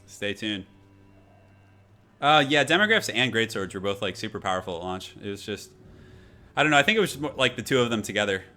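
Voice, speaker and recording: A man's voice: on the low side, a little fast, long pauses. Chatty young man streaming a strategy game. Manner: relaxed, chatty, reads chat aloud. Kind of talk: casual live-stream gaming chat. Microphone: desk microphone.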